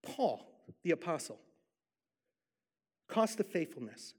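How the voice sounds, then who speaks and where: Male preacher, high-pitched and animated, emphatic storytelling sermon. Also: slow pace, slightly rough. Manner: emphatic storyteller, repeats for effect. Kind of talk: sermon with personal testimony.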